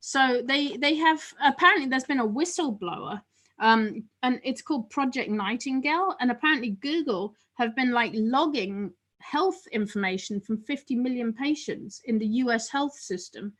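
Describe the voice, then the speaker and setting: A high-voiced woman co-hosts a relaxed podcast chat. She talks in loose, rambling bursts, padding with fillers. She laughs easily between her thoughts. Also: moderate pace. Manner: chatty, laughs often, trails off with fillers. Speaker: co-host.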